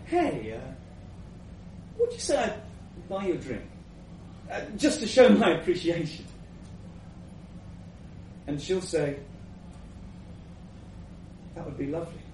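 A man reading a first-person story aloud to a live audience, unhurried, with acted asides. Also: a little high, very animated, darkish tone, a little hiss or hum. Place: live event venue before an audience. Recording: echoey venue from a distant mic.

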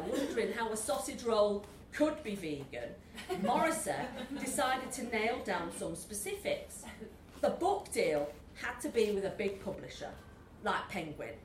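A woman's voice: a little high, sing-song, a little slow, slight background noise. A woman reading a comic story aloud to an audience, wry and playful, often laughing. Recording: echoey room from a distance.

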